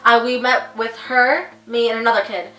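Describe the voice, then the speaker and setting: Bright-voiced chatty teenage girl. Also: on the high side, steady tone, normal speed, roomy sound, distant mic, rough recording. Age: teens. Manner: chatty, lots of filler. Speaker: vlogger. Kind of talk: casual storytelling.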